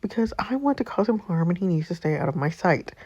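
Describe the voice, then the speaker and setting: A woman's voice: lowish voice, lively intonation, fast talker, darkish tone, slightly rough, dry recording, muffled recording. A woman reading the lines of a possessive, blunt young wife in a story game, and its narration.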